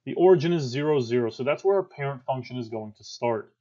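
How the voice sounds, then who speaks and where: A male math teacher giving a classroom lecture in an animated way, with joking asides and frequent check-ins with his students. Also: medium pitch, fast talker, highs cut off.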